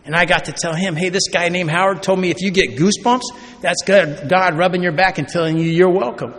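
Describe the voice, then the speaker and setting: A man's voice: high voice, brisk, a bit bright. A man from Oregon giving a personal recovery talk at a convention. He tells his story by acting out conversations and often checks in with the crowd by asking "right?". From Oregon, USA. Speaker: recovery meeting speaker. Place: large convention hall. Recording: long hall reverb, faint background noise.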